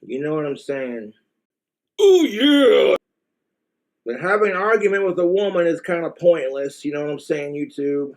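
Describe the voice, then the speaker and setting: A man's voice: fairly high pitch, brisk, hardly any pauses. A man with an American accent giving blunt, crude, rambling relationship advice in a casual monologue to the camera.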